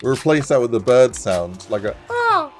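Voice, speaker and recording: A man streaming his game development live, chatting casually and getting excited, laughing often and swearing now and then. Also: mid-range voice, fairly quick, soft background music.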